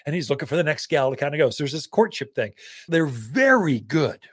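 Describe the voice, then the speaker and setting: A lively, folksy man tells stories as host of a gardening radio show, his pitch swinging up and down as he talks. His voice sits a little higher than most men's, and the studio sound is dry and close. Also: fairly quick, breathy edge, no room sound. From Arizona. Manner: folksy and animated, with many fillers and loose asides. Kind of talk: casual storytelling on a radio talk show.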